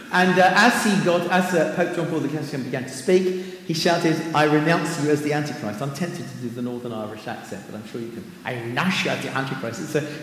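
A man's voice: fairly high pitch, slight background noise. Man preaching in an echoey hall. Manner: conversational, with fillers and asides, quoting scripture. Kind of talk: sermon. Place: church hall. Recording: echoey hall with long reverb.

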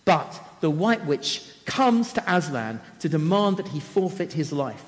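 A man's voice: a little high, sing-song, unhurried, big-room sound. A man giving a talk who vividly and dramatically retells a children's story.

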